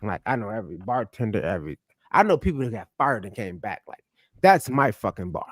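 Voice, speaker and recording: A man telling a story in casual podcast chat, loud and profane, animated, with sudden drops to mutters. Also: lowish voice, brisk, no room sound. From United States.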